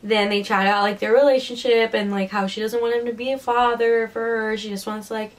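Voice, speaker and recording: Speaking briskly in a level, somewhat high voice, a young podcast co-host sums up a book's plot in a casual, chatty way. Her speech is packed with "like" and "um."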